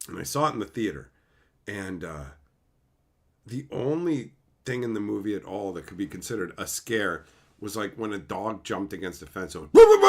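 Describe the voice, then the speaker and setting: A man streaming casually, reading chat and ranting, with frequent swearing and voiced impressions. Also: lowish voice. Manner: animated, swearing, mimics others.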